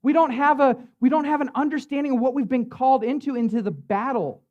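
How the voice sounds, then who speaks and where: A man's voice: extremely high pitch, fast talker, muffled recording. A man preaching as a pastor in a church, in a loose, conversational way, full of fillers and tag questions. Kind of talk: sermon.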